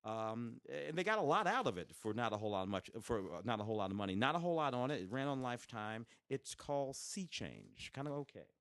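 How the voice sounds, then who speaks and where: Guy on a podcast chatting about discs, really lively up-and-down voice, lots of ums and uhs, dry close mic. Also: mid-range voice, fast, hardly any pauses, no echo. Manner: animated, with many fillers and restarts. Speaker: podcast co-host. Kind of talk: casual chat reviewing home video releases.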